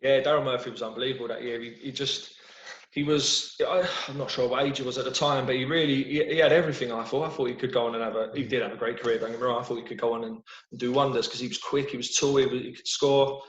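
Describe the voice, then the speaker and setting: A man's voice: medium pitch, fairly even intonation, fast talker. A man with a London English accent, a football manager being interviewed in casual chat, rambling with frequent restarts and repeated words over a video call. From London, England. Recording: roomy, dull video-call audio.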